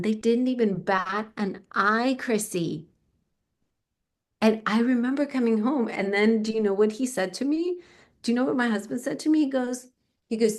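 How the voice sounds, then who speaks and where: A woman's voice: a little high, moderate pace. A middle-aged woman sharing a personal story as an interview guest. She tells it with animation and slips into the voices of the people she describes. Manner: animated, acts out the people in her stories.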